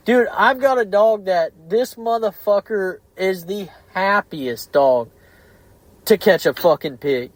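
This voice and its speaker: A man's voice: high-pitched, slow, no room sound, low-quality recording. A man, hosting a casual podcast chat, swearing heavily and speaking bluntly and heatedly.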